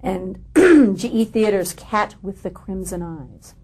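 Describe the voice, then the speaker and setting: A woman conducting an interview. She asks short questions and reads out titles in a brief, matter-of-fact way. Her pitch is in the middle range. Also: slow, darkish tone, breathy edge.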